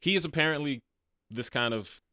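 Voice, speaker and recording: A man's voice: on the high side, fairly quick, pushed and bright, no room sound, studio quality. A man in his late twenties co-hosting a movie review podcast, chatting casually and animatedly, laughing often and acting out quotes. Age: late 20s. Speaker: podcast co-host. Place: podcast studio.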